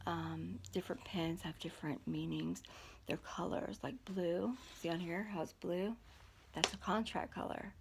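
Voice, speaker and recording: A woman's voice: lowish voice, steady tone, a little slow, gravelly, slight background noise. A woman telling a story to her viewers in a blunt, indignant, talkative way. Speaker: vlogger. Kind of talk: casual storytelling to camera.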